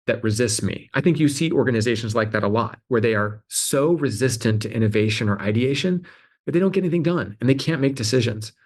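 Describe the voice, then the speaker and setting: A man speaking as an interview guest, telling stories casually and animatedly, with many "like" fillers and restarts. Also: mid-range voice. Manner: animated storytelling, acting out quoted voices. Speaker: interview guest, adtech CEO.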